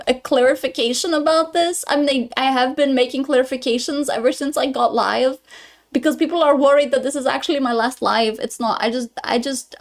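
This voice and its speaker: A woman streaming live, chatting casually and reading out viewer messages, giggling often, with a non-American English accent. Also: on the high side. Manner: chatty, giggly, reads chat aloud and greets viewers.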